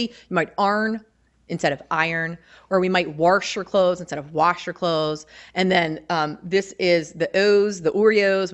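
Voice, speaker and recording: A woman's voice: mid-range voice, lo-fi sound. A woman from Baltimore with a Baltimore accent, giving an upbeat, conversational presentation to admitted students. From Baltimore, Maryland. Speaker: campus service office presenter. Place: lecture hall.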